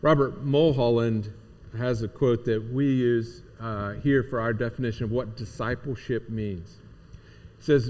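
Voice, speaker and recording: A man's voice: mid-range voice, fairly even intonation, a little slow, a little mellow. Casual, teacherly male pastor in a hall. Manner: casual, teacherly, repeats key words for emphasis. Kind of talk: conversational sermon. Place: church sanctuary. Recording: long reverb of a church hall.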